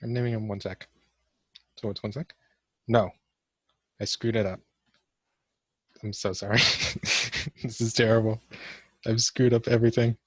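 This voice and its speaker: A man's voice: on the low side, little pitch movement, normal speed, long pauses, no echo. A young man giving casual let's-play commentary for a class vlog, awkward and joking at his own expense. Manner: awkward, self-mocking joking. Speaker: gamer doing a class vlog.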